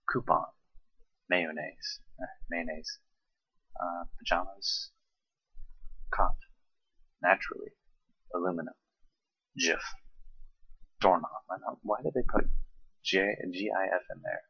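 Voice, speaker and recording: A tired young man from Charleston with a Southern accent, reading a word list slowly and hesitantly with many ums. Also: deep voice, steady tone, creaky, pushed and bright, slightly rough, dry recording, muffled recording. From Charleston, South Carolina. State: tired, late at night. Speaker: vlogger.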